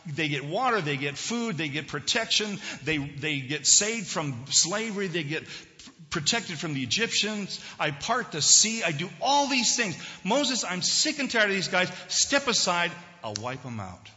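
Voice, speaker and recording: A preacher voicing an exasperated God. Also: male voice, mid-range voice, animated, fairly quick, pushed and bright. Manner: exasperated, complaining. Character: exasperated God, weary of his people. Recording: dull lo-fi recording in a reverberant hall.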